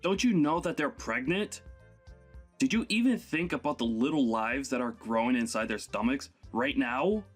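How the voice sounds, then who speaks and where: A man's voice: medium pitch, expressive, moderate pace, breathy edge, soft background music. A man voicing a grown son who scolds his overbearing mother in an exasperated way. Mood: scolding.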